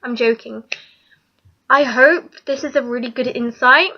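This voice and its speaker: A woman's voice: high voice, measured pace. A young woman chatting casually to camera, rambling and giggling as she talks. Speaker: vlogger. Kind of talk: casual chat. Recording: dull lo-fi recording.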